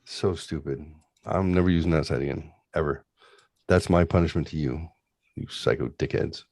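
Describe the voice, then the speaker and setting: Deep-voiced man ranting on a podcast. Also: fairly even intonation, normal speed, darkish tone, dry recording. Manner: profane ranting. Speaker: podcast host. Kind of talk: casual chat, reading aloud. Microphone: close podcast mic.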